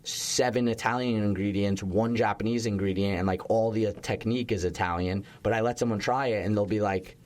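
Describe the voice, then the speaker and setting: Animated, low-voiced man telling chef stories. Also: a little fast, few pauses. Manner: animated storytelling, heavy use of "like", occasional swearing. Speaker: chef and restaurateur guest. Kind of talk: casual interview chat.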